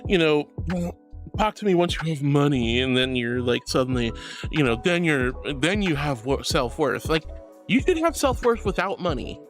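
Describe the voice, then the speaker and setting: A woman's voice: low voice, sing-song, moderate pace. Bubbly gushing woman streamer. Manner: bubbly, gushing and affectionate, with squeals and baby talk. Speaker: livestreamer reading chat. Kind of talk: casual livestream chat. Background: faint music.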